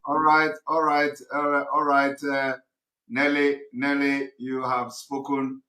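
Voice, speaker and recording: Male host, medium pitch, bright tone, halting delivery, echoey room sound. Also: monotone. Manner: hesitant, with many fillers. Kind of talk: talk show moderation. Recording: roomy echo.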